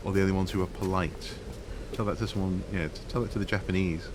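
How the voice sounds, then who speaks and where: A man's voice: deep voice, fairly even intonation, fast talker, background noise. A man from the UK chatting casually and rambling while streaming a game, over game music. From United Kingdom. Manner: chatty, rambling, laughs often. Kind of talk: casual chat while gaming.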